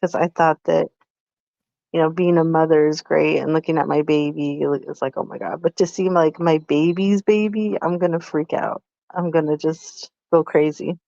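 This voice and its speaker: A woman of middle pitch who talks chattily and playfully, full of "like" fillers. Her voice sounds a little dull and muffled, with no room echo at all. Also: steady tone, normal speed, creaky, mellow. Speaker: podcast co-host. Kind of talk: casual live-stream chat.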